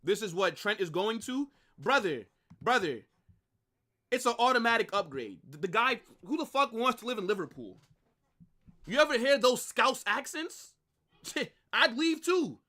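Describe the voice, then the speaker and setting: A young man hosts a live football watch-along, ranting with exasperation and breaking into shouted bursts. His pitch leaps and plunges all over the place. The tone is bright and forceful. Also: very animated, unhurried. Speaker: fan stream host.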